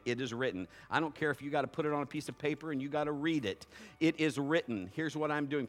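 A middle-aged man preaching a sermon, swinging between hushed tones and loud bursts as he acts out conversations. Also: mid-range voice.

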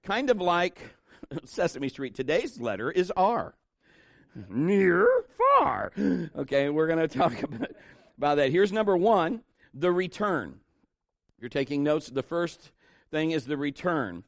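A middle-aged pastor preaches in a loose, chatty way, tossing jokes and asides to his congregation. His voice sits a little high for a man. The sound is dry and close, with no room echo. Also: expressive, normal speed. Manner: conversational, joking, with asides to the congregation. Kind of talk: sermon.

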